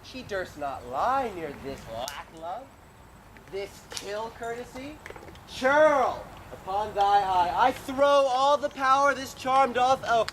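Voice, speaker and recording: A woman's voice: fairly high pitch, expressive, slow pace. A woman playing a mischievous male fairy servant in a stage play, with playful, teasing verse delivery. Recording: outdoor recording with clear noise.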